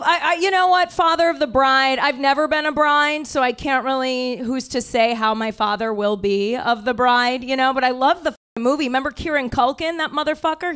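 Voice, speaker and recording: A brash, profane woman in her thirties riffs through improvised stand-up, her voice pitched high. She mocks herself and the crowd freely, talking into a stage mic. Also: fairly bright tone. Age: 30s. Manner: brash, profane, self-deprecating. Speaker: stand-up comedian. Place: comedy club stage.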